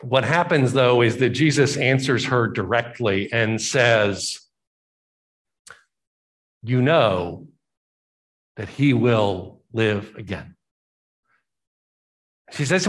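A man's voice: mid-range voice, a little slow. A man preaching a sermon, retelling a Bible story with emphatic repetition and voiced quotes. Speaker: pastor.

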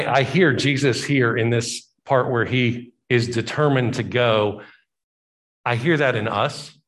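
A man's voice: medium pitch, a bit bright. A man preaching a sermon, retelling a Bible story with emphatic repetition and voiced quotes. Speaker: pastor.

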